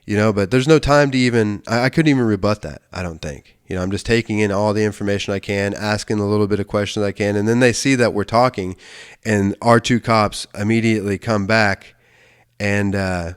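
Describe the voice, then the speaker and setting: A man from the United States with a somewhat low voice tells a personal story on his podcast. He talks casually and swears freely, often restarting sentences and correcting himself as he goes. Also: fairly even intonation, fairly quick, clean tone. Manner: rambling, profane, frequent restarts and self-corrections. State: emotional, near tears at times. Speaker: podcast host.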